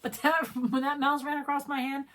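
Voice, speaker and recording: A woman's voice: high-pitched, normal speed, a little hiss or hum. A middle-aged woman from Wyoming co-hosting a casual stitching chat show, telling stories between bursts of giggles. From Wyoming, USA. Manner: giggly, animated storyteller. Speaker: co-host.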